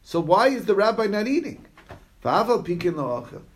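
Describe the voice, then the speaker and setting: This man's voice is high and brisk, swinging widely in pitch. Leading a casual Talmud class, he reads passages out loud, unpacks them in conversational asides, and frequently checks in with the group. His delivery is storytelling, peppered with "okay?"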